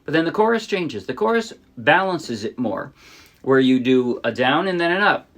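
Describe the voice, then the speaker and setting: A middle-aged man from the New Jersey area teaching ukulele in a relaxed way, often restarting his sentences and singing short demo lines. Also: fairly high pitch, normal speed. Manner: relaxed, explains with restarts and sung demos. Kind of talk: casual music tutorial. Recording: ukulele playing behind.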